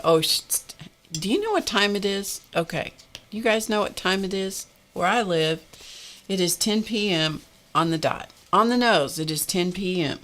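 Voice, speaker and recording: A woman's voice: fairly low pitch, fairly bright tone. A woman hosting a casual art live stream, chatting while she works and laughing often. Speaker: art livestream host.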